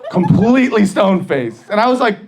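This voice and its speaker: A man's voice: high-pitched, big pitch swings, fairly quick. A man telling a profane story in a stand-up comedy set, brash and laughing along as he goes.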